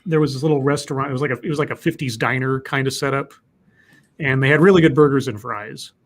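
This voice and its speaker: A man's voice: mid-range voice, fast talker. A man hosting a casual live podcast, reading out chat questions and rambling with frequent restarts.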